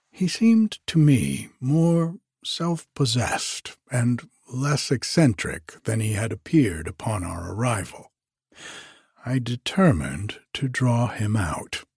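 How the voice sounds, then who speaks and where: A man reading a novel aloud as narrator, in a measured, expressive storytelling manner. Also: fairly low pitch, gravelly, breathy edge, no echo, clean studio sound.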